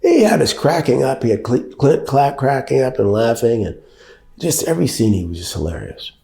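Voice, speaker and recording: A man in his sixties being interviewed, telling stories in a measured, thoughtful way that gets lively when he quotes people. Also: mid-range voice, gravelly, echoey room. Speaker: actor and director, guest. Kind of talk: reflective interview storytelling.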